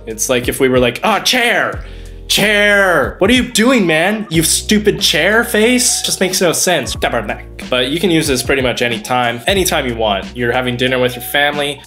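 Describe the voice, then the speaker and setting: Male comic host, English native speaker, playful and mock-dramatic, mid-pitched voice, faint music underneath. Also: a bit bright. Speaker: YouTube host. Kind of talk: comedic explainer.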